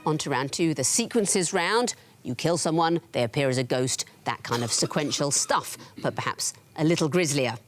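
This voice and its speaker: A woman hosting a TV quiz in a studio, explaining answers in a crisp, wry way. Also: low-pitched, animated, moderate pace, few pauses, over music. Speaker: quiz show host.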